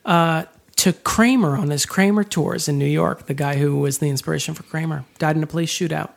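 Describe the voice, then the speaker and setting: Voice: medium pitch, brisk, gravelly. A podcast co-host in casual chat, making dry joking asides.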